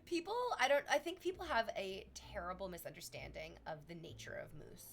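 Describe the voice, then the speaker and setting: Bright-voiced woman streamer chatting. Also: brisk, creaky, slight background noise. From Canada. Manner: animated, laughing, shifts into high excited shrieks for quoted bits. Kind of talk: casual chat with viewers.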